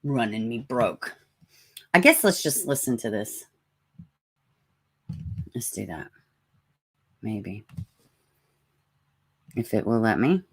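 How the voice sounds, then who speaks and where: A woman hosting a live stream with a raspy voice, chatting casually, greeting viewers by name and reading out news. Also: extremely low pitch, animated, slow, long pauses. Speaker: livestream host.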